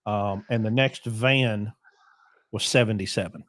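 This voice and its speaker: A man's voice: fairly low pitch, steady tone, a little slow, a bit bright, no echo, clean studio sound. A man hosting a casual trucking podcast, talking loosely with plenty of ums and asides. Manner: loose, rambling, with many ums. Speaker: podcast host.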